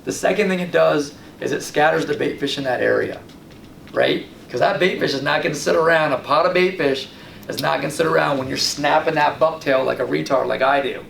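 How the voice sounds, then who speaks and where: A fishing guide and show host from Long Island, New York, gives casual fishing tips in a gravelly, slightly high male voice at a fairly quick pace. He is an animated storyteller who acts out his own past reactions. The recording is roomy, with a distant mic and light background noise.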